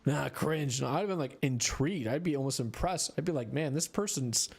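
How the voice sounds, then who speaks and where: A man's voice: mid-range voice, brisk, gravelly, a little mellow, breathy edge. A tired young man streaming a game, chatting casually and being goofy. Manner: goofy, reads dialogue aloud in put-on voices. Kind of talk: casual gameplay commentary.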